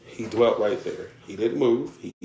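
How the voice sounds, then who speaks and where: A man's voice: fairly low pitch, measured pace, dark tone, echoey room, slight background noise. A man preaching a live-streamed sermon, earnest, repeating words as he builds and checking in with the listeners. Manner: earnest, often checks in with "right?" and "okay?". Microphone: live stream setup.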